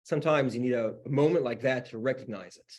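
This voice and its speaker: A man's voice: medium pitch, fast. A man, a rabbi, teaching a class by telling a story conversationally, with frequent restarts. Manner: conversational, with many restarts and "you know". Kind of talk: storytelling lesson.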